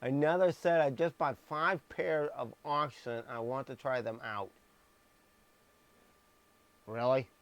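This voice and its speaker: A man's voice: mid-range voice, normal speed, hardly any pauses. A man reading scripture on a live stream, stressing words and dropping blunt, sarcastic asides. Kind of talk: live-streamed Bible message. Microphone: streaming microphone.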